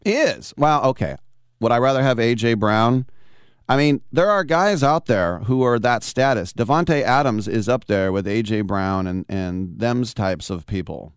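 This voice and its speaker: A man's voice: mid-range voice, lively intonation, a little slow, clear, resonant tone, no echo, studio quality. A man hosting a sports talk radio show, chatting and telling stories with frequent laughs. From Bay Area of California. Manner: chatty, storytelling, laughs often.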